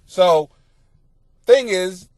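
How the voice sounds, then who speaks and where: A man hosting a comedy podcast, reading out listener questions and answering them in a crude, profane, mocking rant that swings into yelling. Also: high voice, expressive, extremely slow, dry recording. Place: home basement.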